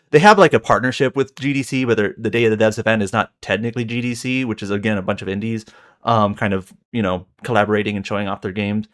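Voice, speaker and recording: A man's voice: lowish voice, fairly bright tone. A man co-hosting a casual podcast, rambling through his account with many fillers and self-corrections. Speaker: podcast co-host.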